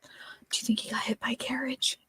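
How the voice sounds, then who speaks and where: Higher-voiced woman as an eager tabletop player who asks questions fast. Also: flat delivery, pushed and bright, husky, no room sound, in a whisper. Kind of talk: casual tabletop play.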